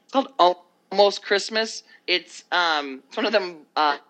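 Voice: medium pitch, normal speed, pushed and bright. A podcast co-host in casual chat, swearing freely and trailing off mid-thought.

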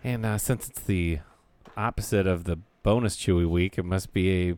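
A man's voice: low voice, normal speed, darkish tone, clear, resonant tone, no echo. A man co-hosting a casual podcast, playful and teasing. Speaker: podcast co-host. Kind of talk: casual chat.

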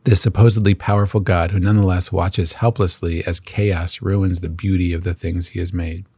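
A man's voice: deep voice, level tone, moderate pace, mellow, breathy edge, no room sound. A man hosting a Catholic podcast, reading an earnest scripted reflection that includes long quotations.

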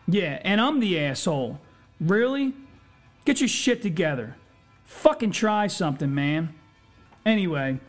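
A man speaks in a high, fired-up voice, swearing constantly as he delivers a blunt motivational monologue. Faint music runs underneath his talk. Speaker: podcast host. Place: home recording setup.

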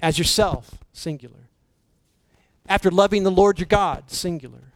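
A man preaching a sermon, slow and emphatic, dropping his voice low for key points. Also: fairly even intonation, no echo, rough recording. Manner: slow, emphatic preaching with dramatic drops to near-whisper. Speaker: pastor.

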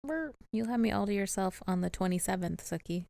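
A woman of about thirty co-hosting a podcast in casual chat, relaxed and playful, tired and yawning. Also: mid-range voice, brisk, gravelly, no room sound. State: sleepy, yawning. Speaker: podcast co-host.

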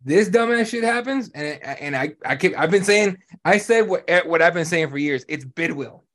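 A man's voice: on the high side, lively intonation, moderate pace, a bit bright. A man hosting a sports podcast in casual chat, blunt and profane, ranting with lots of animation. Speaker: podcast host.

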